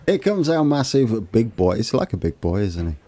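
A man's voice: lowish voice, sing-song, moderate pace, mellow. A man hosting a let's play, chatting casually and poking fun at his own mistakes while he talks to viewers. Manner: self-deprecating, chatty, talks to viewers while fixing trains. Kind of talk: casual gameplay commentary.

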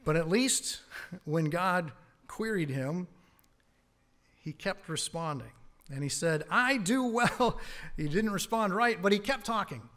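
Emphatic pastor, slightly high voice. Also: male voice, expressive, measured pace, pauses often, a bit bright. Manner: emphatic, chuckles often between points. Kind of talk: sermon. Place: church sanctuary.

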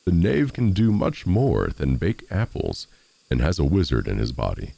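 A lumbering, slow-witted giant rumbles his lines in a deep, gravelly growl, as a man reads him aloud. The storybook voice is dark and heavy and swings widely in pitch. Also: very animated, exaggerated voice. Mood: fearful. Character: huge dim-witted male giant, booming then timid.

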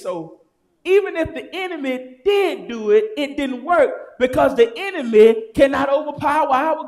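A man preaching a sermon in a church, swinging from shouted lines to low, quiet ones. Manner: chanting, rising to shouts then dropping low. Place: church sanctuary.

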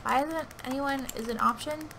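A woman giving anxious, pleading live commentary on her own gameplay, with sudden loud outbursts. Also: high-pitched, moderate pace, gravelly, noisy background. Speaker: gaming video creator. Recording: keyboard clicking audible behind voice.

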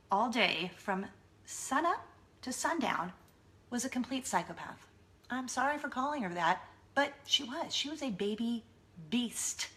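Chatty mom vlogger. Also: female voice, mid-range voice. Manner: chatty, self-deprecating, animated. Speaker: vlogger, mother of two. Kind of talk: casual vlog chat.

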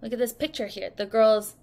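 A woman teaching English vocabulary to children in a recorded lesson, speaking slowly and clearly and acting out example sentences. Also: on the high side, warm tone. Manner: slow, clear teacherly delivery with acted examples.

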